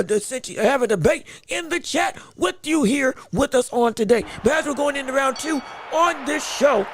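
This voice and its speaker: A man hosting a live podcast, giving rapid round-by-round boxing commentary with excited outbursts. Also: very high-pitched, no echo. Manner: rapid play-by-play, excited outbursts, talks to the chat. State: hiccups.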